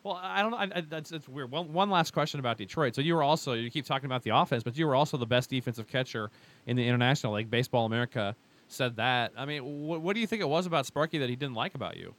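A man asking questions in a casual interview, halting and restarting before he gets them out. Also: mid-range voice, fairly bright tone.

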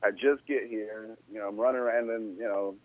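A man's voice: fairly low pitch, a little fast, no room sound. A man, a former pro ballplayer, telling a story in a laid-back, slangy way as an interview guest, rising to disbelief at times. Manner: laid-back, slangy, animated when incredulous. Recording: tinny phone-like sound.

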